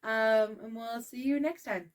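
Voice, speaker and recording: A young woman co-hosting a podcast tells a story in casual conversation, animated, laughing a lot and cursing freely. Her pitch is fairly high and her pace measured.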